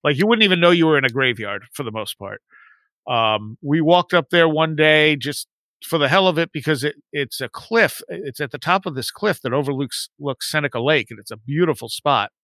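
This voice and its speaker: A man's voice: on the high side, normal speed, no echo. Chatty man telling a spooky story. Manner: rambling, animated when quoting friends. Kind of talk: casual storytelling on a podcast.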